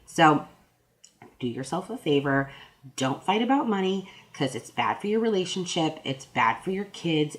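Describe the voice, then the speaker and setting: Low-voiced woman rambling goofily. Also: animated, normal speed. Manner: rambling, self-deprecating, goofy asides. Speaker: vlogger. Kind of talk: casual advice monologue.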